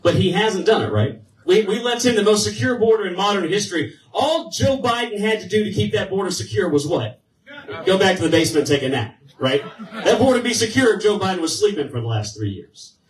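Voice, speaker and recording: A man's voice: high voice, expressive, brisk, far from the mic. A man, a state representative, giving a fired-up political rally speech and throwing questions at the crowd. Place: event hall. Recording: echoey hall, mic heard from afar.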